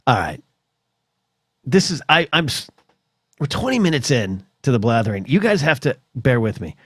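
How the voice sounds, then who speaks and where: A man's voice: medium pitch, big pitch swings, moderate pace, fairly bright tone, slightly rough, no echo, studio quality. A middle-aged man hosting a solo podcast, telling stories in a rambling, chatty way full of asides. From United States. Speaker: podcast host.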